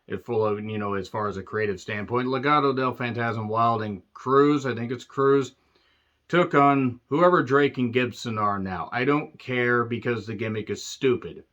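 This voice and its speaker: A man's voice: mid-range voice, moderate pace, a bit bright. A man in a mid-range voice rants through a wrestling show recap, sarcastic and exasperated, swearing as he goes. The sound is dull and lo-fi, like a home mic. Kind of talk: ranting show review.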